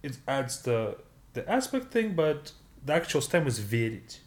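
A man co-hosting a podcast as a language tutor, explaining phrases slowly and correcting pronunciation patiently in a casual lesson chat. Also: mid-range voice, very animated. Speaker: Russian tutor and podcast co-host.

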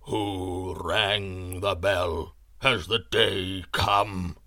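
A man voicing a great disembodied male warrior voice that calls out slowly and commandingly. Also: deep voice, fairly even intonation, vocal fry, sharp tone, no echo, studio quality, pitched below the performer's own voice, heavily acted. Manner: slow, commanding, calling out. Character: booming ghostly warrior voice, male.

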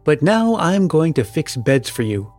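Man reading a steady, kind teenage scout, grave and calm, in a storybook. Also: on the high side, a little slow, dry recording, soft background music. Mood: earnest. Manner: grave, reassuring.

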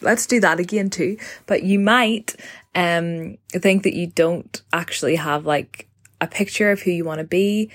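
A twenty-five-year-old woman hosting her own podcast, talking casually and rambling with lots of "like" and self-corrections, recorded on her phone. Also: on the low side. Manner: chatty, rambling, heavy use of "like", self-correcting. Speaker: podcast host. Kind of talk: casual solo podcast chat.

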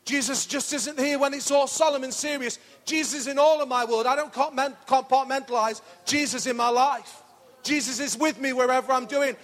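A middle-aged pastor preaching an enthusiastic, pumped-up sermon in a church hall. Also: male voice, very high-pitched, a bit bright.

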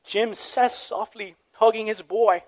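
A man's voice: sits high, steady tone, slow. A man preaching a sermon as a pastor, telling a story in an earnest, emphatic way.

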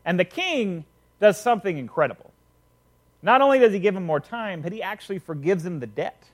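In a high voice, a preacher delivers a laid-back sermon, telling a parable like a conversation and frequently pausing to check in with his listeners.

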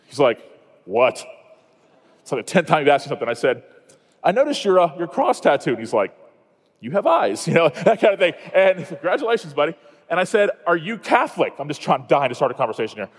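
A man from Iowa speaking at a conference, telling a self-mocking story that turns into a sermon, with quick asides and restarts. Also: fairly high pitch, long reverb tail. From Iowa, USA.

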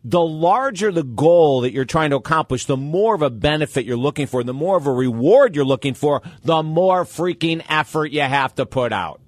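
A man's voice: on the high side, expressive, moderate pace, hardly any pauses, no echo, clean studio sound. Chatty, easily laughing male host. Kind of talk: interview.

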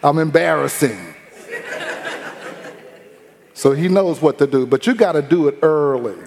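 Preacher with a drawl in a reverberant sanctuary. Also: male voice, fairly high pitch, expressive, unhurried, vocal fry, crowd noise. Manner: folksy, humorous storytelling with acted-out quotes. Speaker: pastor. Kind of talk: sermon. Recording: long hall reverb.

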